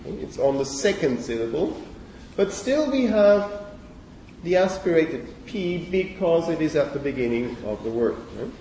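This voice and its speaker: Speaking with a somewhat high voice and wide pitch swings, a man delivers a university lecture at a moderate pace with a dark tone. He works things out aloud, using frequent okays and fillers and self-corrections. It's recorded from a distance in an echoey lecture hall, with slight background noise.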